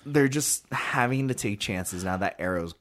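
Animated man chatting about comics. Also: lowish voice, moderate pace. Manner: animated, bursts into shouted exclamations. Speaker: podcast co-host. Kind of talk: casual comic book chat. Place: small echoey room.

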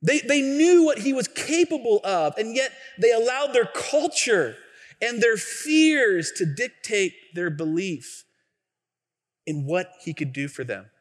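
A man's voice: sits high, animated, measured pace. A man preaching a sermon as pastor, telling stories animatedly with acted quotes and a casual, filler-heavy delivery. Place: church sanctuary. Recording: long church hall reverb.

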